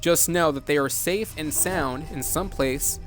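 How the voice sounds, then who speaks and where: A man voicing a menacing, scornful adult male killer clown leader, speaking in a slow, defiant, contemptuous way. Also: on the high side, faint music behind, natural voice.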